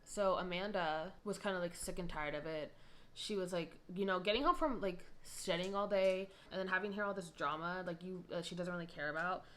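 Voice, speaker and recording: A young woman in her twenties telling a story in casual chat, rambling with frequent asides. She gets louder and higher when she is indignant. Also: brisk.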